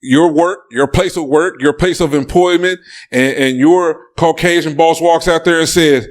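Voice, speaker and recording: A man's voice: a little high, normal speed. A man co-hosting a casual podcast, talking emphatically, repeating his phrases and swearing freely. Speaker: podcast co-host.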